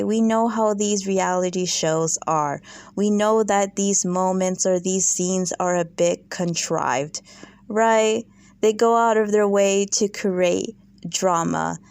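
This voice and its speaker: A woman talks through a reality TV recap in a casual, opinionated way, with plenty of sarcastic asides. Her voice sits a little high and sounds dry and close, with no room echo. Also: vocal fry, darkish tone. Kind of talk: casual commentary vlog.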